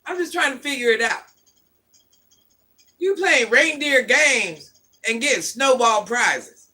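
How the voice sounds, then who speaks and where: Middle-aged woman stream host, bright forceful voice, preachy blunt rant. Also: fairly high pitch, animated, slow pace, pauses often. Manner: blunt, preachy, repeats her points. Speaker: livestream host. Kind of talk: ranting commentary to viewers.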